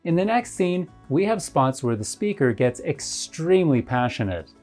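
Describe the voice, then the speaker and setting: Low-voiced woman explaining an English lesson. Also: sing-song, moderate pace, darkish tone, faint music behind. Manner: clear, explanatory. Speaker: English teacher. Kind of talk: recorded lesson narration.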